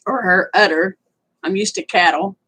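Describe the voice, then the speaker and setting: A woman's voice: mid-range voice, moderate pace, sharp tone, husky, rough recording. An older woman, sleepy and yawning, chatting casually on a livestream and answering viewers' comments. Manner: drawling, chatty, reads viewer comments aloud. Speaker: livestream host.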